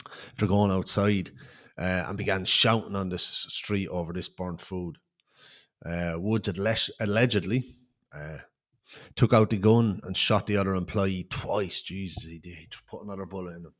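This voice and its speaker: A man's voice: sits low, steady tone, moderate pace. A man hosting a true crime channel, talking casually through news headlines with many fillers and blunt reactions.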